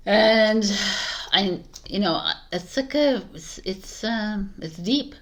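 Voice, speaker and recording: A woman's voice: mid-range voice, animated, slow pace. A woman doing a tarot reading for viewers, speaking casually with many restarts and bursts of emphatic advice. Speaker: tarot reader.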